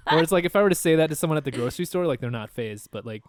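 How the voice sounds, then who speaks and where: A man's voice: a little high, expressive, rapid-fire, a little hiss or hum. A man with a Minnesotan accent, a podcast guest, casually telling stories and poking fun at himself. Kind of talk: casual chat.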